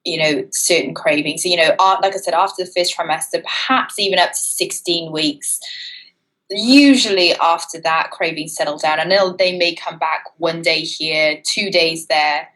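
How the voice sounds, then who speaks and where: A woman's voice: low-pitched, moderate pace, a bit bright, rough recording. A woman with a British accent tinged with Australian, co-hosting a casual podcast in a chatty, self-mocking way. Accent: British with an Australian twang. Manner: chatty, self-mocking, frequent "you know". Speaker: co-host.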